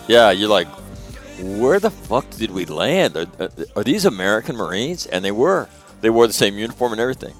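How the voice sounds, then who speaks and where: A middle-aged man from Northern California rambles through a profane story as a radio host, jumping into loud quoted asides. His voice sits fairly low. Faint music plays underneath. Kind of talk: casual storytelling monologue.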